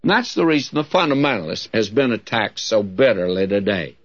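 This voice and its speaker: A man teaching through a Bible epistle in an emphatic, lively preaching cadence. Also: on the low side, a little fast. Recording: dull lo-fi broadcast recording.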